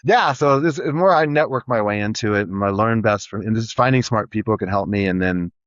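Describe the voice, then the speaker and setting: Fast-talking man telling stories. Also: fairly low pitch, no echo. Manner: rambling, energetic, full of restarts. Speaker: guest entrepreneur. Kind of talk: casual storytelling interview. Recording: dry, slightly dull sound.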